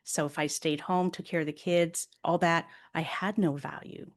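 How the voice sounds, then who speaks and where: A middle-aged woman hosting a podcast, telling personal stories in a candid, earnest way and speaking straight to listening moms. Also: on the low side. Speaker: podcast host and life coach. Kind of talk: personal storytelling monologue.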